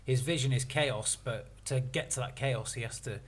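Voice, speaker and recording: A man's voice: mid-range voice, normal speed, breathy edge. A British man on a podcast panel, chatting casually, laughing a lot and swearing freely. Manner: giggly, animated, swears casually. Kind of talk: casual chat.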